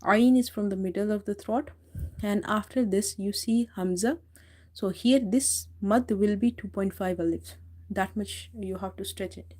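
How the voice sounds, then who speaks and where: Female tajweed teacher, patient and explanatory, mellow voice, slow drawn-out recitation. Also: mid-range voice.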